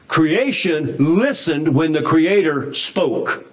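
A man's voice: medium pitch, expressive, a little slow, poor audio. A man preaching a sermon in a folksy, emphatic way, with frequent restarts and chuckles. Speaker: pastor.

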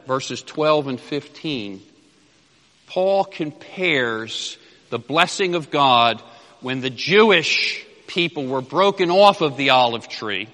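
A man preaching an expository sermon, emphatic and repeating key phrases, dropping low at the ends of phrases and reading scripture slowly. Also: bright, forceful tone. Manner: reads scripture slowly and deliberately. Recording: long hall reverb.

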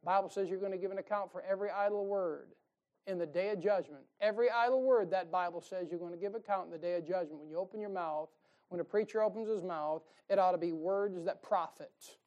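A male pastor preaches in a church. His delivery is folksy and emphatic. It swings from quiet, confiding asides to loud, heated bursts. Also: high voice, fast, lo-fi sound. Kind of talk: fiery sermon. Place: church sanctuary.

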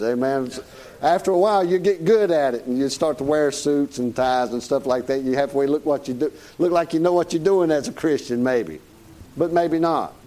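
A man's voice: on the high side, a little mellow. A middle-aged man with a Southern US accent preaching a sermon in a folksy, joking way, chuckling as he goes. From Southern United States.

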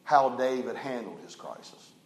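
A man preaching a sermon as pastor, telling stories folksily and swinging from loud emphasis to a hushed low voice. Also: animated, moderate pace, roomy sound, low-quality recording.

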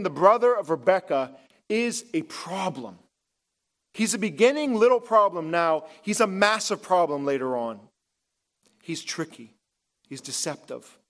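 A male pastor preaches in a notably high voice, building to loud, emphatic points. Then he drops to a hush for effect. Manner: emphatic, rising and dropping for effect. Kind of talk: sermon.

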